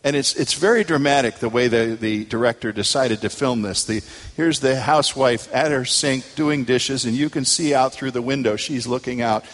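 A pastor preaching a sermon, telling stories dramatically and building to emphatic peaks. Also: male voice, mid-range voice, moderate pace. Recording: long hall reverb.

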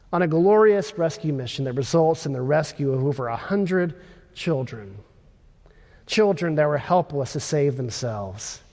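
A man delivers a sermon with a notably high voice, taking his time and leaning on measured pauses. His words carry a long reverb, as if spoken in a large hall. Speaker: preacher.

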